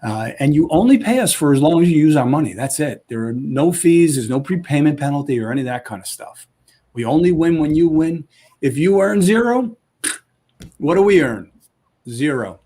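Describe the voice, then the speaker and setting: A man with a slightly raised voice pitches his company with real enthusiasm, firing off short emphatic lists. He sounds salesy and sure of himself. The audio comes through a video call. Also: expressive, moderate pace, warm tone. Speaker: company founder pitching to sellers.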